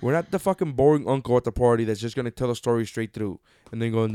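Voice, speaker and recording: A man's voice: mid-range voice, quick pace, hardly any pauses, clean tone, dry recording, studio quality. A young man hosting a podcast, telling a story in casual, joking banter and swearing freely. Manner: joking, profane, animated storytelling. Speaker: podcast host.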